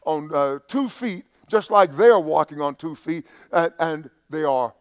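Man, preacher, sermon, fairly high voice, halting restarts, impassioned. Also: animated, clean tone. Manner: rises from low, halting asides to loud, impassioned preaching; halting, with many restarts and fillers.

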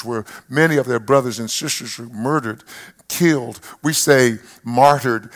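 An older male pastor in his seventies preaches to a live congregation. His voice is gravelly and mid-pitched, swelling into loud emphatic lines and falling back to quiet, personal asides. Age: 70s. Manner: rises to loud emphatic peaks, drops to soft reflective asides. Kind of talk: sermon. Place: church service before a live congregation.

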